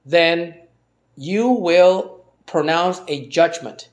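A man with a somewhat higher voice preaches through a Bible passage. He stumbles and repeats words as he thinks aloud, then slows right down to press his main points. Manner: halting, with many repeated words and restarts. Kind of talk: sermon-style Bible teaching.

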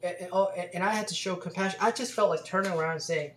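A man tells a story in a loose, rambling way, stumbling over restarts and fillers as he goes. His voice sits a little high for a man. The recording carries a noticeable room echo with a faint hum of ambience behind it. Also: steady tone, rapid-fire, fairly bright tone. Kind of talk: casual storytelling monologue. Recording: roomy echo.

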